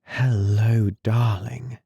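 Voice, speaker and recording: A man reading an audiobook, voicing a young woman nurse in a soft, affectionate way, pitched up from his own voice. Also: steady tone, very slow, vocal fry, slightly rough, dry recording, studio quality, full character voice. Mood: tender. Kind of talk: audiobook character voice.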